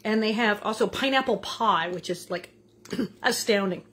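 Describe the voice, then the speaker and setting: An older woman hosting a casual home cooking vlog. She is chatty and animated and keeps tasting as she talks. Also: mid-range voice, normal speed, a little hiss or hum. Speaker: cooking show host. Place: home kitchen.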